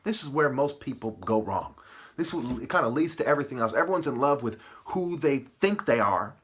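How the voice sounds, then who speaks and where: A man's voice: medium pitch, lively intonation, fairly quick, fairly bright tone, husky. Profane ranting man. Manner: aggressive, profane, rambling with rhetorical questions. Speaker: vlogger.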